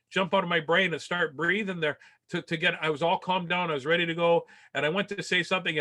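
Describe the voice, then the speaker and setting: A man with a bright, forceful voice, pitched a little above most men, gives a motivational keynote. He tells a personal story with playful, self-deprecating humor and acts out the lines of others. At times he drops into a soft, earnest tone. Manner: turns soft and earnest in emotional passages. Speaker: keynote speaker.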